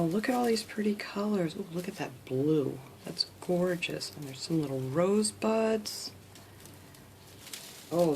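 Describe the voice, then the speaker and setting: A woman hosting a craft channel, chatting casually while unboxing mail, gushing, gasping often and sometimes dropping to a soft whisper. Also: on the low side, slight background noise.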